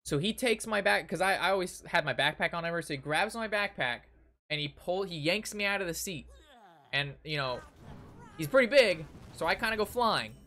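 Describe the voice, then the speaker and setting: A young man streamer spins a rowdy story with a bright, forceful voice. He talks animatedly, swears freely and acts out everyone in the story. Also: high voice, moderate pace. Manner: animated and profane, acting out the people in the story. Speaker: gaming streamer. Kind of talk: casual storytelling over gameplay.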